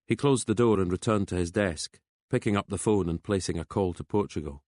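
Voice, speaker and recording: A man narrating a crime novel audiobook in a steady, even storytelling manner on a close studio mic. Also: sits low, fairly quick, dry recording.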